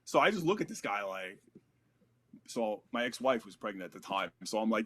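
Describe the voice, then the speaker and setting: A man's voice: medium pitch, lively intonation, fast talker, slight background noise. A man in his thirties, a podcast guest, telling a story in a loose, casual way, full of "like" and "you know" and the odd swear word.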